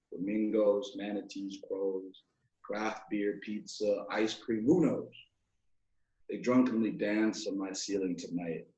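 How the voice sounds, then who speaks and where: A man in his twenties from Alaska, a guest poet reading his poems with a rhythmic, playful delivery and chatting casually. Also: lowish voice. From Alaska, USA. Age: 20s. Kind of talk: poetry reading and casual chat. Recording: echoey room.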